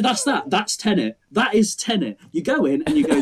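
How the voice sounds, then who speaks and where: A man's voice: sits high, very animated, moderate pace, hardly any pauses, breathy edge. A young man co-hosting a casual film debate podcast, who acts out scenes in mocking voices. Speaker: podcast co-host.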